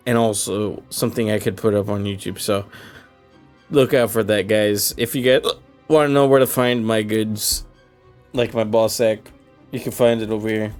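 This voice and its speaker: A drunk man hosting a casual stream sign-off, rambling, swearing and breaking into high laughter, hiccuping now and then. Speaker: streamer and host.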